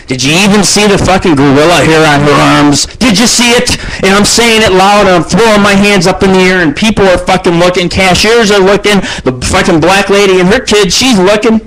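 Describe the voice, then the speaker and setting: A man's voice: a little high, a bit bright, low-quality recording. Profane rambling man hosting a radio show. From United States. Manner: profane, boastful storytelling. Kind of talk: crude rambling monologue.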